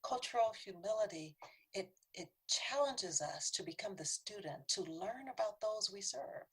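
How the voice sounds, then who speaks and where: Earnest, husky-voiced woman presenter. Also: medium pitch, lively intonation, normal speed. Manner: earnest, conversational, acts out quoted voices, drops to a whisper for emphasis. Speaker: workshop presenter. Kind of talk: training talk to a city council.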